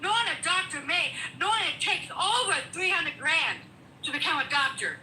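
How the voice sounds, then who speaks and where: Profane, furious middle-aged woman, bright voice. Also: very high-pitched, lively intonation, moderate pace, slight background noise. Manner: angry, profane, emphatic, talks over the other speaker. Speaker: guest in a political debate. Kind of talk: heated political argument. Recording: echoey room.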